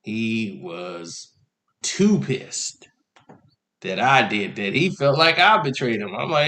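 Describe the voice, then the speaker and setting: A young man telling a comic dating story in a slangy, animated way, laughing often. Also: mid-range voice, takes it slowly. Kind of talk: comedic storytelling. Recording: echoey room.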